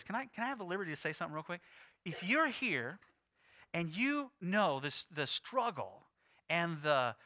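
A middle-aged man preaching a sermon, animated and playful, acting out the quotes he reads. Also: sits high. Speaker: pastor.

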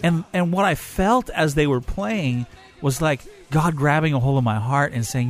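A man telling a personal story in a casual, animated way, getting emotional as he goes. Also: a little high, normal speed, faint music behind. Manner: animated, emotional, grows excited. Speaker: storyteller recounting a concert.

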